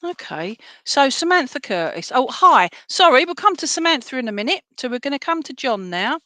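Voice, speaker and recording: A woman's voice: sits high, sing-song, fairly quick, bright, forceful tone, no echo. A woman medium giving clairvoyant readings in an online service, chatty and affectionate, often checking in with "all right?". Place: home, by herself.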